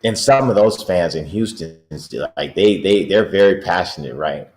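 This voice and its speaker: A man's voice: sits low, normal speed, a little mellow. A middle-aged basketball coach, a man, telling stories in a casual chat and laughing often as he talks. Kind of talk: casual storytelling.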